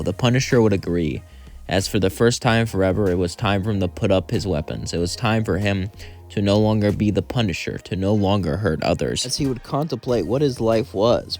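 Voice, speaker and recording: A man narrating a fan story casually, rambling and improvised. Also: fairly low pitch.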